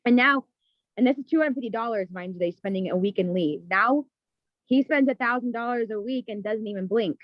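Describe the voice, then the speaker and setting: A woman's voice: fairly high pitch, fairly quick, no echo. Chatty woman on a dull dry call line. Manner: chatty, many "like"s and "you know"s. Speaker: insurance agent. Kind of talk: casual call.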